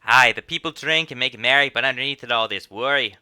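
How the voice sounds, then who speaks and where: A man's voice: mid-range voice, brisk, bright, forceful tone, smooth. A man voicing a chatty female innkeeper who runs a guild, reading her lines in a drawl that drifts between put-on accents. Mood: folksy, storytelling.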